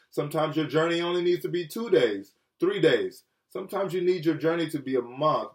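A man preaching a sermon with earnest feeling, often dropping low and soft and then rising for emphasis. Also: roomy sound, far from the mic. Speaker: pastor. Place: Chicago.

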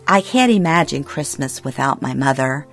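A middle-aged woman reading a personal memoir aloud, quiet, reflective and somber. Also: very deep voice, animated, moderate pace, faint music behind. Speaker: memoir narrator.

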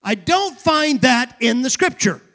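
A male pastor preaching a sermon, calling for responses from the congregation and rising to shouted emphasis. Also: very high-pitched, sing-song, a little slow. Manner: drops to a quiet aside voice for asides.

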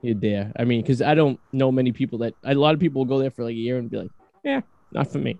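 Man with a thick Boston accent as the show's host, blunt, talks fast. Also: medium pitch, no room sound, dull audio. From Boston, USA. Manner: blunt, swears freely, gives long animated stories. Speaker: podcast host. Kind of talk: casual chat.

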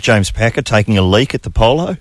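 Jokey radio host, lively voice. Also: male voice, on the low side. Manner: jokey, quick to laugh. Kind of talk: casual radio banter.

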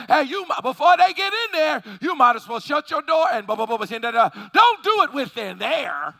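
A man preaching a sermon with fervent delivery, shouting at peaks and calling on the congregation to respond. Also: very high voice, big pitch swings, normal speed, vocal fry, few pauses.

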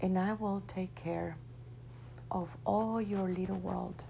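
A woman voicing a gentle, commanding mother spirit who speaks softly and reassuringly, at times close to a whisper. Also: medium pitch, steady tone, slow pace, vocal fry, a little hiss or hum, poor audio. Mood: tender. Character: gentle divine mother spirit, female, commanding yet tender.

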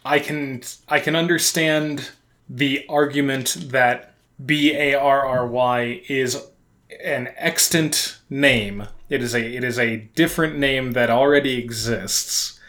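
A man's voice: mid-range voice, steady tone, slow, fairly bright tone. Wry man co-hosting a podcast. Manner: wry, dry sarcasm with many restarts. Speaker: podcast co-host. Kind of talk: casual podcast chat.

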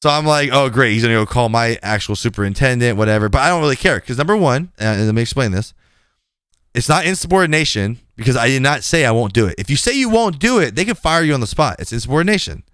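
A fast-talking man with a clean, mid-range voice tells a story on a podcast, the audio studio quality with no room sound. Frank and animated, he describes a clash at work casually, acting out what each person said.

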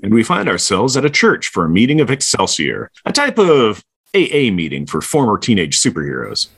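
A man's voice: on the low side, wildly swooping pitch, brisk, gravelly, fairly bright tone, slightly rough. A man co-hosting a podcast, recapping a comic book story in a playful, jokey way. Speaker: podcast co-host.

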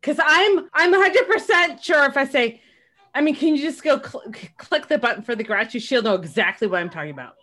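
A woman in her forties co-hosts a podcast in relaxed conversation. Her voice sits a little high, and she talks in an animated way, laughing as she goes. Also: fairly quick. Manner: animated, laughs while talking. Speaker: podcast co-host. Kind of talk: casual chat.

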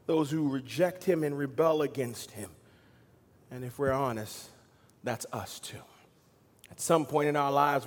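A man preaching a sermon as pastor, swinging between loud emphatic lines and quiet, hushed asides. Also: medium pitch, big-room sound. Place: church sanctuary.

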